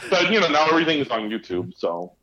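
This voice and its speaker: A man's voice: fairly high pitch, very animated, fast, bright, forceful tone, highs cut off. A man co-hosting a podcast from home in casual chat, rambling with fillers. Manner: rambling, many fillers and restarts. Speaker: podcast co-host.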